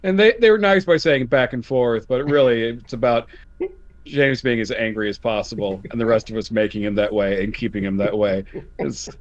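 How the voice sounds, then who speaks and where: A man's voice: mid-range voice, moderate pace, dull audio. Upbeat man joking through his wrap-up. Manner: enthusiastic, joking, self-interrupting. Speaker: player. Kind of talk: casual chat about a tabletop game.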